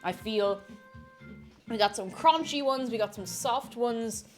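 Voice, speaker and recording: A woman's voice: fairly high pitch, measured pace. A young woman chatting casually on a live stream, reading chat aloud and talking with her mouth full. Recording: faint music behind.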